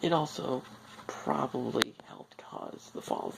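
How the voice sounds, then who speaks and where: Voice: medium pitch, wildly swooping pitch, measured pace, gravelly, background noise. A film reviewer talking casually, rambling off on tangents with many filler words.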